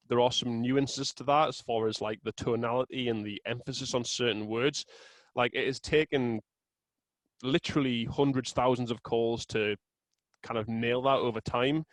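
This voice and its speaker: Male guest, steady explainer, mid pitch, dry close sound. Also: no room sound, poor audio. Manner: measured, explanatory, with fillers and restarts. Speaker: guest, sales software co-founder. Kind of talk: casual interview chat.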